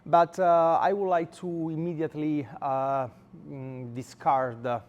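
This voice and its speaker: A man's voice: on the high side, flat delivery, unhurried, muffled recording. A man from Italy with an Italian accent, giving a university lecture and speaking hesitantly with many filler sounds. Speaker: guest lecturer. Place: lecture room.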